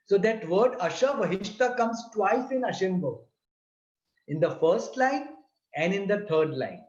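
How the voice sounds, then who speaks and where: A man giving a slow, deliberate lesson that explains a prayer and breaks its words into syllables. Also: high-pitched, sing-song. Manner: deliberate, repeats and spells out syllables. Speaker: religious teacher. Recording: roomy, slightly dull sound.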